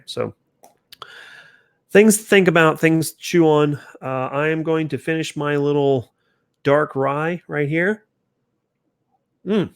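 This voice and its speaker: A man's voice: a little high, no room sound. Chatty male livestream host, dry sound. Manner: casual, chatty, restarts sentences, reacts to comments. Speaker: channel host. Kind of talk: casual livestream chat reading viewer comments.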